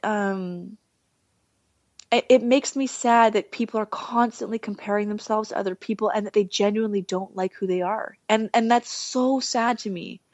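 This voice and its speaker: A woman's voice: medium pitch, darkish tone, dry recording, lo-fi sound. A woman talking casually as a podcast guest, chatty and full of fillers and restarts. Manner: chatty, lots of "like" and "you know", quick restarts. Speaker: healer, guest.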